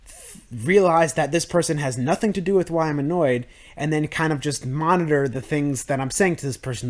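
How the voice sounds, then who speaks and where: A young man hosting a self-improvement podcast, talking through his thoughts in a rambling, reflective monologue full of restarts. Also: on the high side. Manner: rambling, with many restarts and fillers. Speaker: podcast host.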